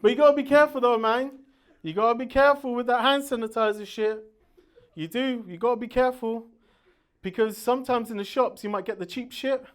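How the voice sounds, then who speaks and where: A man doing a stand-up comedy routine on stage, loud and brash, laughing at his own jokes. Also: extremely high pitch, brisk.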